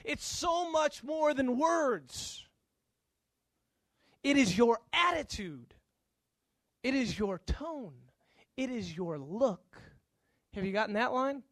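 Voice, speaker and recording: A male pastor preaches with a notably high voice, animated and conversational. He slips into different voices to act out everyday exchanges. The sound is close and dry, with no room around it. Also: takes it slowly, long pauses, no echo. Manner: animated, acts out dialogue with varied voices. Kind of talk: sermon.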